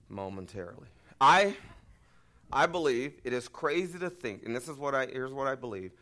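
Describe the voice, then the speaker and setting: A male pastor preaches in a loose, chatty way. He wanders into personal asides and folksy remarks to his congregation, sitting at an ordinary middle pitch. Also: a bit bright. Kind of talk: conversational sermon. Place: church.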